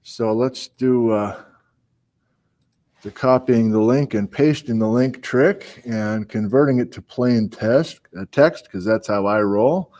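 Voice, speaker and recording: A man's voice: medium pitch, slow pace, warm tone. A man hosting a live-streamed program, chatting casually, greeting viewers and reading out their hometowns, with frequent fillers and asides. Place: small indoor room on a college campus.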